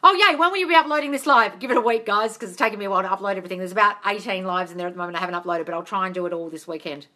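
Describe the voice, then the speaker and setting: A woman's voice: medium pitch, racing. A woman coach answering live-stream comments, blunt and sweary, calling viewers darling. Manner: bursts into loud excited cheers.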